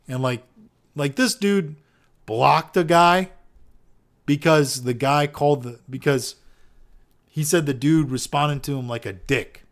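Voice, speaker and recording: A man's voice: a little high, takes it slowly, pauses often. A man hosting a casual podcast, reading out online posts and ranting about them with heavy profanity and exasperation. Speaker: podcast host.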